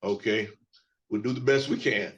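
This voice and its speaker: A hoarse man in his fifties from Mississippi speaks as an attorney at a press conference. His voice sits low, and he talks in a measured way with frequent fillers, heard over a video call. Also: a bit bright, lo-fi sound. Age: 50s.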